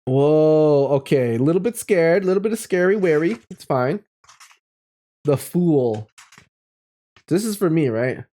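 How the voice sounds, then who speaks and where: A man's voice: on the high side, animated, a little slow, long pauses, warm tone. A man live-streaming casually, reading chat messages aloud and drawing tarot cards, reflective and encouraging, laughing often.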